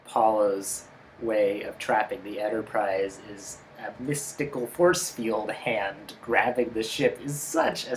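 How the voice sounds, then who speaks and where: A co-host in a casual review chat, explaining and criticizing with quick asides. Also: mid-range voice, slight background noise, rough recording. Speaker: podcast co-host.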